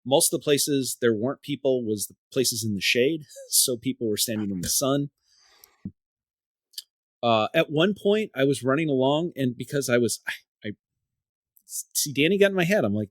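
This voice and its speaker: A man's voice: medium pitch, normal speed, dry recording. Rambling male podcast host, dry sound. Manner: rambling storyteller, repeats and restarts words. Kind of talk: casual chat.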